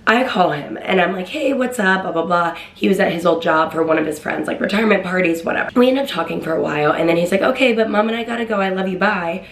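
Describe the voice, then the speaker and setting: A woman's voice: fast talker, hardly any pauses. Chatty young woman in an echoey room. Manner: chatty, excitable, acts out quotes in a higher voice. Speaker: vlogger. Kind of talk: casual storytime.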